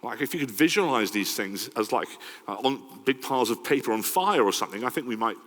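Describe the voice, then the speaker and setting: A middle-aged man with a Welsh accent giving a lively, conversational conference talk and often checking in with "right?". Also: mid-range voice, fast talker. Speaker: conference speaker. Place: large conference hall. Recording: long hall reverb.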